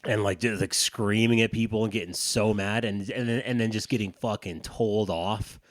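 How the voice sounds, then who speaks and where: A man's voice: lowish voice, steady tone, normal speed, no echo. A man co-hosting a dads' podcast, telling a rambling, profane story in casual chat. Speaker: podcast co-host.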